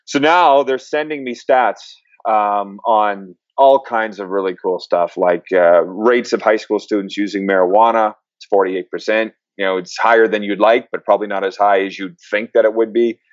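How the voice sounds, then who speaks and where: A man with a fairly low voice tells stories in a relaxed interview and mimics the people he quotes. The sound is dry and a little dull, with no room echo. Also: normal speed. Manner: animated storyteller, acts out quotes. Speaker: sober coach, interview guest. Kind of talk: casual interview storytelling.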